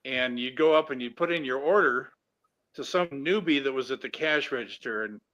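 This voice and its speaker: Bright, animated anecdote-telling man. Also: mid-range voice, moderate pace, dull audio. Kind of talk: casual live stream chat.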